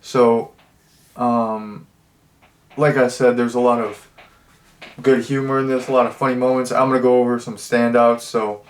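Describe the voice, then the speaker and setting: Casual, rambling male movie reviewer. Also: medium pitch. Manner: rambling, heavy use of "like" and "uh" fillers.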